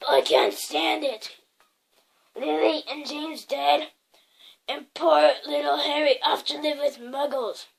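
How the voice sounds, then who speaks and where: A woman reading aloud, voicing a huge, shaggy, tearful male half-giant with loud, sobbing lines. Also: sits high, flat delivery, measured pace, vocal fry, recorded from a distance, heavily acted.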